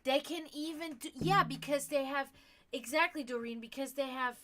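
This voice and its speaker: A woman hosts a casual livestream and talks in long, earnest, rambling stretches. Her voice sits high and rings bright and clear. She keeps stopping to restart her sentences and fills the gaps with little fillers. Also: fairly even intonation, moderate pace. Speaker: livestream host and psychic reader.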